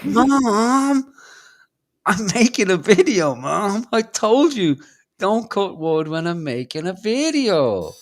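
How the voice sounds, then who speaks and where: A man mimicking a whiny young man who yells at his mother, in a high, strained, loud voice. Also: very animated, slow pace, heavily acted. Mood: exasperated.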